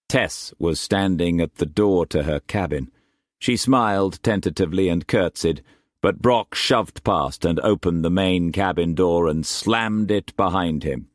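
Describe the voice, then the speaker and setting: A male audiobook narrator with a low voice reads scripted narration slowly, in a measured, unhurried way. The studio sound is clean, with no room sound.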